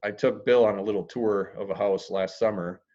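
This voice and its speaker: A man's voice: lowish voice, fairly even intonation, brisk, darkish tone. A man talking as a guest in an interview about real estate, plain-spoken and blunt, with dry humor and the odd crude word. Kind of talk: podcast interview. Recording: dull lo-fi audio.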